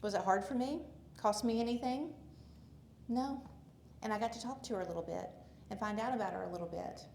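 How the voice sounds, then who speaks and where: A woman from Alabama with a Southern accent, speaking at a church gathering and telling a personal story in a chatty, animated way while asking the audience questions. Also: medium pitch, fairly quick, creaky, slight background noise. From Alabama, USA. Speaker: conference speaker. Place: church hall with a live audience.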